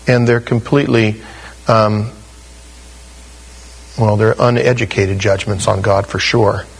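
A man's voice: lowish voice, flat delivery, measured pace, creaky, slightly rough, low-quality recording. A middle-aged man preaching a sermon in a conversational way, acting out the quotes he tells. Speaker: pastor.

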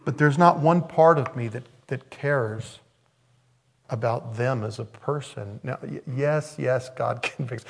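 A male pastor with a gravelly, fry-laced voice at a middle pitch, delivering a sermon. He preaches conversationally, pushing up into loud emphatic bursts and then dropping to hushed, near-whispered asides. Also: fairly even intonation, unhurried.

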